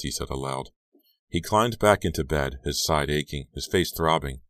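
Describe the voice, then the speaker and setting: A man narrating a young adult novel as an audiobook, in a measured, steady storytelling manner. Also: rumbling low, dry recording. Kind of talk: scripted narration.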